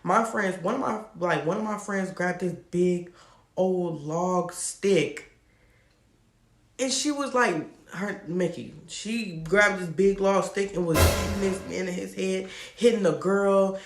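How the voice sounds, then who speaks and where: A man telling a personal story to camera in a casual, animated, slangy way. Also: sits high, unhurried, hardly any pauses, roomy sound, soft background music. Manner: animated, slangy, laughs often. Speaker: storytime vlogger.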